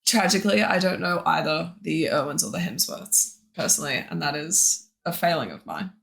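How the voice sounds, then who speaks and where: A woman's voice: low-pitched, animated, normal speed, vocal fry, fairly bright tone. A woman with an Australian accent, a historian guest in a podcast interview, talking with witty, dry humor. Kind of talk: casual interview chat.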